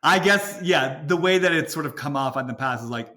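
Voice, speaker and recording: Male podcast host, slightly high voice, musing casual talker who thinks out loud. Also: moderate pace. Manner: reflective, thinks aloud with many "like" and "you know". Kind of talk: casual chat.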